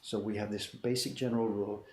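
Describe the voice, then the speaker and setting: A man's voice: on the low side, little pitch movement, fast. A man in his sixties running a print shop, chatting casually on a livestream and answering viewer questions. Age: 60s. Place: workshop. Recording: echoey room, faint noise.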